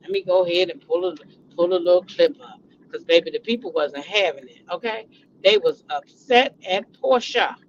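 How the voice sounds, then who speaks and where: A middle-aged woman holds forth in a chatty gossip vlog, swinging into dramatic outbursts as she talks straight to her viewers. Her delivery is animated and familiar. The recording sounds dull and lo-fi. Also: lowish voice, normal speed, slight background noise. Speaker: vlogger, show host. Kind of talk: casual celebrity gossip chat.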